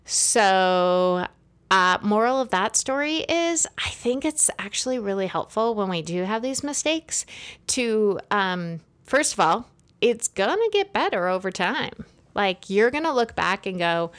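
A woman in her thirties chatting casually on a podcast, telling a story with lots of fillers and an animated, storytelling manner. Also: mid-range voice, unhurried. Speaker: podcast co-host.

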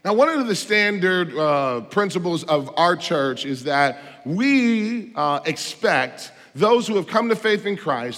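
Preaching man with a raised, ringing voice. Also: high-pitched. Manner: emphatic, rhetorical questions, swings between loud and soft. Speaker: pastor. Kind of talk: sermon. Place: church sanctuary. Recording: long hall reverb.

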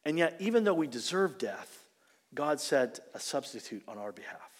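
A male pastor preaching a sermon, retelling the story with animated, dramatic delivery and acted-out quotes. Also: on the high side, normal speed. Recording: long reverb of a large hall.

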